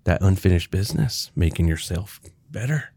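A man's voice: sits low, animated, normal speed, warm tone, slightly rough, no echo. A man talking in casual chat, rambling with lots of fillers. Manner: rambling, filler-heavy talk.

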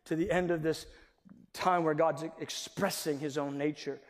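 A male pastor preaching a sermon in a church, animated, swinging between loud emphasis and near-whispers. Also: a little high, normal speed. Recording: long reverb of a large hall.

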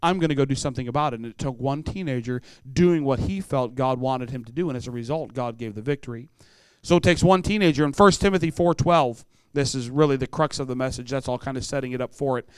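A man's voice: mid-range voice, brisk, clean tone, no echo. Middle-aged man, youth preacher, storytelling sermon, clean resonant voice, close and dry. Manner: storytelling, acts out voices, asks the room questions. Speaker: preacher speaking to teenagers.

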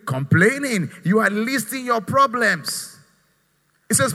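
A pastor preaching a lively sermon, acting out his congregation and calling for responses. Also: extremely high pitch, measured pace, in a large hall. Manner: animated, mimics congregants, asks crowd to respond.

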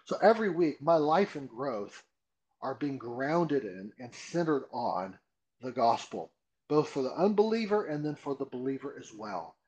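A man's voice: mid-range voice, big pitch swings, unhurried, darkish tone, poor audio. A man, a pastor being interviewed, explaining doctrine earnestly with rhetorical questions and emphatic repeats. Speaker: pastor guest. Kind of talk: conversational teaching interview.

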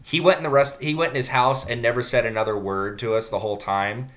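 A man telling a rambling, profane work story in casual podcast chat. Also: medium pitch. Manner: animated, profane, fast-building rant.

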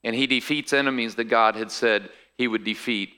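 Bright, crisp-voiced male pastor preaching. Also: mid-range voice, steady tone, moderate pace. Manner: conversational, explaining scripture with asides. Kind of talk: sermon.

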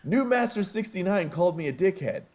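A gentle, chatty rock creature with a mild, high voice, put on by a man reading a script. He talks in an easygoing, low-key way despite the lifted pitch. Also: expressive, brisk.

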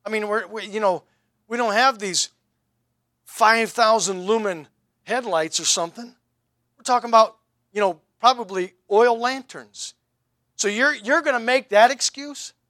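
Male pastor, middle-aged, sermon delivery, high bright voice, wry questioning style, dry close sound. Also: a little slow, no room sound. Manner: rhetorical questions, wry and emphatic.

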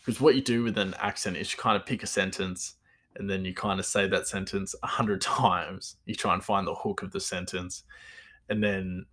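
Low-voiced man rambling casually. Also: fairly even intonation, moderate pace, a bit bright. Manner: rambling, laughing, easygoing. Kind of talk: casual monologue.

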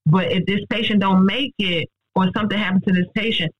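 A woman speaks as an ICU nurse, heartfelt and faith-driven, pressing her points with quick emphasis. The recording is close and very dry, with no room sound. It also has a slightly dull, muffled tone. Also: mid-range voice, steady tone, breathy edge, dry recording. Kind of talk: personal testimony in an interview.

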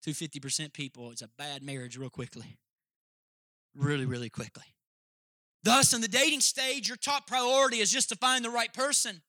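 A man's voice: high-pitched, moderate pace, bright, forceful tone, no echo, clean studio sound. A man preaching a sermon as pastor, emphatic and jokey, speaking straight to his congregation.

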